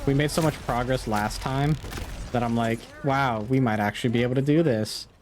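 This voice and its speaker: A man's voice: mid-range voice, moderate pace, a little hiss or hum. A man hosting a gaming stream, chatting casually and upbeat, laughing often while he plays.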